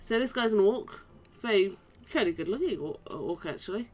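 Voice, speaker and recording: A woman's voice: medium pitch, expressive, normal speed. Chatty young woman gamer commentating. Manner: chatty, rambling, many "like"s and restarts. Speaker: gamer playing a role-playing game. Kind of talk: casual let's-play commentary.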